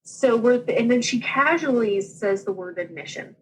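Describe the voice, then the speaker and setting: A woman's voice: fairly high pitch, moderate pace, slight background noise, low-quality recording. A young woman, casually telling her story as a podcast guest and acting out the people she quotes. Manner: animated, acts out quoted voices.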